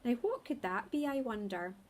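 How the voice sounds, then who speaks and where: A woman's voice: on the high side, very animated, normal speed, voice pushed up. Woman doing a prim, fussy old lady. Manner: prim and scolding, rather posh.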